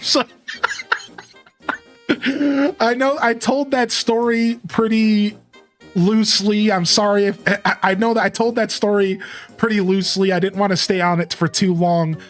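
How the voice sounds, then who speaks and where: Chatty streamer telling a story, middle voice, soft music in the back. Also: mid-range voice. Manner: chatty, loose, greets chat by name. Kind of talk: casual live-stream chat and storytelling.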